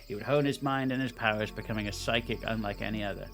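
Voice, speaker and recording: Low-voiced man reading out a game story. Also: fast, a bit bright. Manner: rambling with fillers, playful asides. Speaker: game developer. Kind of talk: casual chat and reading a game's story aloud. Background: game music.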